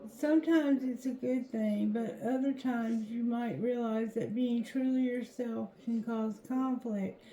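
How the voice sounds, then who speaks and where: A woman doing a tarot reading, reading card text aloud slowly and haltingly, correcting herself as she goes. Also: on the high side, fairly even intonation, warm tone. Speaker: tarot reader. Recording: roomy echo.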